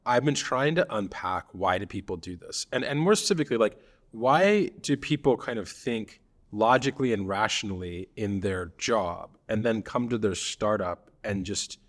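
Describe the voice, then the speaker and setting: A man co-hosting a casual talk about startups, telling stories animatedly, acting out quoted founders and laughing often. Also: on the low side. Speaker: startup advisor, co-host. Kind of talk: casual conversational podcast.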